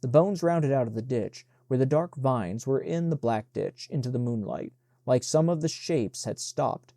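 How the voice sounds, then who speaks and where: A man narrating an audiobook in an even, measured reading. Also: mid-range voice, dry recording.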